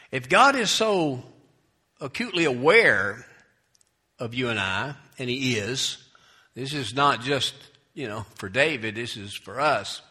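A man preaching a sermon as pastor, swinging between quiet asides and emphatic scripture reading, folksy and prone to restarting phrases. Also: mid-range voice, slightly rough.

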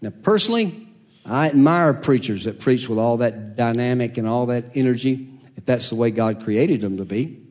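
A man preaching a sermon, soft-spoken, reading scripture in old-fashioned wording and sinking to a whisper for God's voice. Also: medium pitch, normal speed. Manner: reads scripture in King James wording.

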